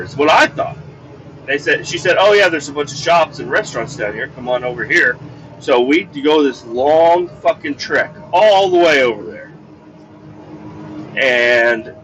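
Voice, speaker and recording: Behind the wheel, a middle-aged podcast host spins a meandering, exasperated, profane story as faint vehicle noise hums in the background. His mid-range voice is slightly bright, though the recording cuts off the highs.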